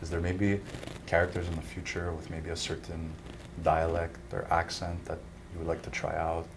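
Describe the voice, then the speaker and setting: Deep-voiced male interviewer. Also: monotone, normal speed, noisy background. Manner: brief affirming interjections. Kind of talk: casual interview.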